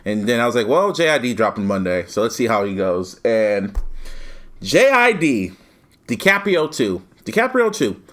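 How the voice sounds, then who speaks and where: Podcast co-host, man, lively pitch, opinionated and casual. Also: normal speed. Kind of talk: casual chat.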